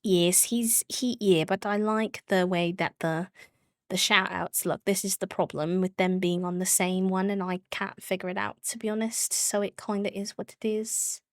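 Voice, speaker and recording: A woman's voice: medium pitch, steady tone, moderate pace, dry recording, studio quality. A woman streaming a game, chatting casually and giggling as she talks to her viewers. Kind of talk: casual live-stream chat while gaming.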